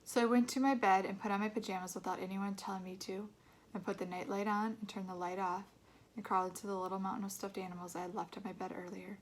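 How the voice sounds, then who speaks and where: Soft-voiced woman reading a storybook aloud. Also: mid-range voice, level tone, fast, slight background noise. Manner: soft and intimate, often dropping to a whisper. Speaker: read-aloud narrator. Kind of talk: storybook narration.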